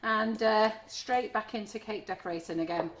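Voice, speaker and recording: A woman's voice: mid-range voice, normal speed. Chatty woman teaching cake decorating. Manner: chatty, friendly, talks while working. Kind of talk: live online class demo. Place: home kitchen.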